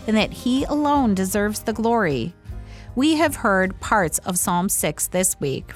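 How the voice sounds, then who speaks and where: A woman hosting a Christian devotional program, reading scripture and speaking in a measured, earnest way. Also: mid-range voice, no echo, studio quality. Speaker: radio program host.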